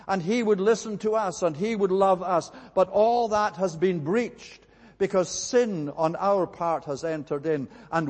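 A man delivers a sermon with slow, deliberate phrasing and emphatic repetition. His voice sits slightly high for a man. It rings out with a long reverb from the church hall around him. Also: a little mellow. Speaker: preacher.

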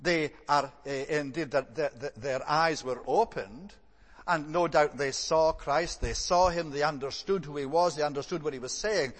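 A man giving an evening sermon. He speaks in a measured, thoughtful way, often pausing on "eh" and "uh.". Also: on the high side, big-room sound. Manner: measured, thoughtful delivery with frequent "eh" and "uh" restarts. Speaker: preacher.

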